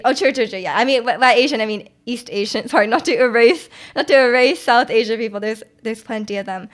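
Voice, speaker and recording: A woman's voice: on the high side, fairly bright tone. A young Canadian woman streaming, chatting with her viewers in a rambling, giggly way full of fillers. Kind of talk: casual chat with live chat.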